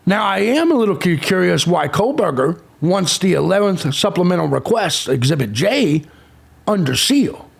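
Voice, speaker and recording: A man's voice: high voice, very animated, normal speed, vocal fry, slightly rough. A man hosting a true crime channel, ranting abrasively with insults and sarcasm. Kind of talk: profane ranting commentary.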